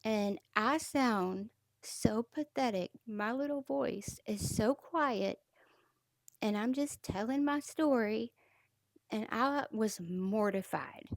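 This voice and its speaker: A woman's voice: mid-range voice, dry recording. A young woman telling a personal story in a casual, conversational way, full of "like" fillers.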